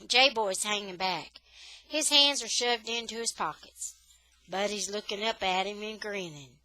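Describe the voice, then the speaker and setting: Slow, bright-voiced woman reading a story. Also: medium pitch, no room sound, low-quality recording. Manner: slow, careful, expressive storytelling. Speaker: reader, English tutor. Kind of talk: reading a children's novel aloud.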